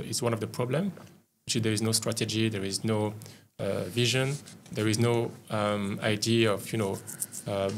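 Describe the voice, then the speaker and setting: A man with a low voice hosts the conversation, halting and searching for words. A faint hum of room ambience sits behind him. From France. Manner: hesitant, many fillers and restarts. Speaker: podcast host. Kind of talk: casual interview questions.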